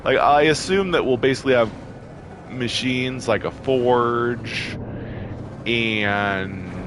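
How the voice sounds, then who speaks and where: A man casually commenting while playing a game, chatty and quick to get irritated, laughing often. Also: medium pitch, noisy background. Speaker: gameplay video host.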